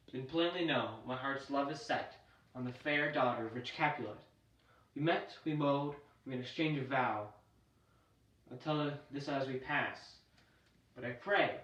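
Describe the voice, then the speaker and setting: A man's voice: medium pitch, fairly bright tone, close to an everyday voice. A young man, a student actor, giving earnest Shakespearean verse that swings between pleading and exclaiming. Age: young adult. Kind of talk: amateur Shakespeare scene acting. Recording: roomy echo, voice far from the mic.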